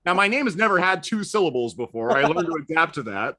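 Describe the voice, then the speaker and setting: A man who grew up partly in England, telling stories in a relaxed chat with dry, deadpan humor. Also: on the high side, quick pace, hardly any pauses. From United States, partly raised in England. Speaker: guest. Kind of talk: casual storytelling chat.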